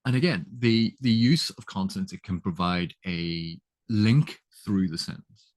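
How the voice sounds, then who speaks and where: A man's voice: sits low, unhurried. A man giving a chatty, casual lesson on literary terms, laughing at his own examples and often restarting his sentences. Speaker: literature educator.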